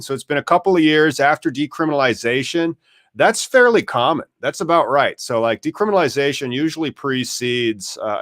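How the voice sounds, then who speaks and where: A man's voice: medium pitch, fairly bright tone, no echo. A man hosting a live podcast, chatting casually and wryly about news as it happens. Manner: chatty, wry, talks over tech trouble. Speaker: podcast host.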